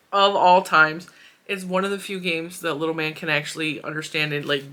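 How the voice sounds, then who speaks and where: A woman's voice: sits low, bright, forceful tone. A woman in her forties hosting a crochet channel, chatting casually and emotionally as she opens mail, with giggles and fillers. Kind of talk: casual chat unboxing mail.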